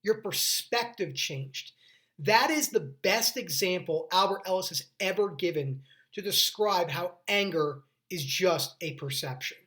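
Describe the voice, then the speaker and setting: A man's voice: sits high, expressive, measured pace, sharp tone. Earnest rambling man explaining mental health. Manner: earnest, rambling with restarts and tangents. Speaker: mental health video host. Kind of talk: casual talking-head explainer.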